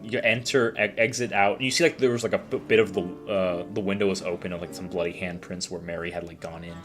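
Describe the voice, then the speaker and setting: A man's voice: low-pitched, steady tone, fast, a bit bright, soft background music. A man narrating a tabletop game as game master, in a casual, rambling way with many fillers.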